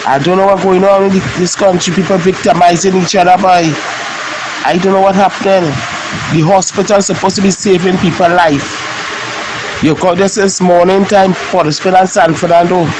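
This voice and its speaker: Man, trinidadian accent, exasperated voice note, noise behind, raised pitch. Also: flat delivery, moderate pace. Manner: exasperated complaining. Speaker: caller. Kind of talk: voice note to a talk show.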